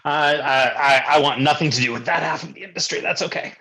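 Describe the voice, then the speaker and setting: A man co-hosting a casual chat, quick to agree and prone to rambling restarts. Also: fairly high pitch, pushed and bright, low-quality recording. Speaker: podcast co-host.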